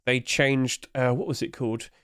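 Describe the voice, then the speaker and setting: A man's voice: mid-range voice, normal speed, fairly bright tone, clear, resonant tone, dry recording, studio quality. A young man talking casually through a screen-recorded trading tutorial, rambling with many fillers. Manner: rambling, breaks into laughter. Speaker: YouTuber giving trading tips.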